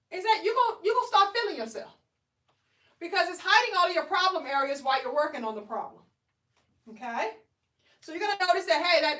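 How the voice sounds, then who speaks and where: A woman hosts a shapewear livestream, demonstrating the product live and chatting with her viewers in a coaxing, friendly way while checking in on them. Her voice is high with a fairly bright tone. The recording has a roomy echo, and she sounds far from the mic.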